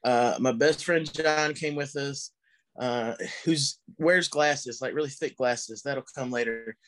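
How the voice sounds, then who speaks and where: A male comedian guest telling an animated story in casual chat, swearing freely. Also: mid-range voice, slow pace.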